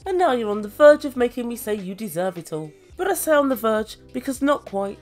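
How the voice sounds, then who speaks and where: Sardonic woman, high voice. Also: sing-song, brisk, a little mellow, soft background music. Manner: sardonic, mocking, swears freely. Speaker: reality TV reviewer. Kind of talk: sarcastic recap commentary.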